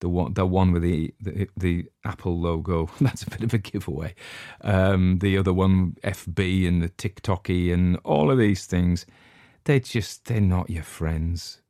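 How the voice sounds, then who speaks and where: A man's voice: low-pitched, fairly even intonation, normal speed, mellow, no echo, studio quality. An older man hosting a podcast, chatting casually in a rambling, hesitant way with plenty of ums. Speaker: podcast host. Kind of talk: casual chat.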